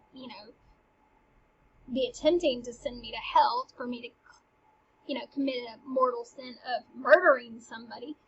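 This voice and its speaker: High-voiced woman explaining a play casually. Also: slightly rough. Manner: lively, slangy paraphrase mixed with dramatic reading. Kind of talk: casual lecture paraphrasing a play. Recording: dull lo-fi recording.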